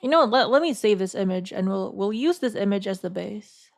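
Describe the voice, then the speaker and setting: A woman streamer speaks in a mid-range voice with lively intonation and vocal fry, chatting casually with her live viewers. She thinks aloud in fits and starts, repeating words as she talks.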